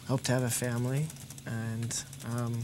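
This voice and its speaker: A man with a middle-pitched voice asks casual questions for a documentary. He is encouraging and easygoing. Faint noise sits behind him. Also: flat delivery, normal speed. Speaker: interviewer. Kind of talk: documentary interviewing.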